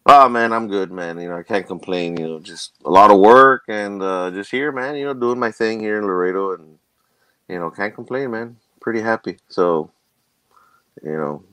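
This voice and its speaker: A man from South Texas, co-hosting a podcast in a relaxed chat with frequent "man". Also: on the low side, moderate pace, clear, resonant tone, no echo, poor audio. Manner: relaxed, says "man" a lot. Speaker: podcast co-host.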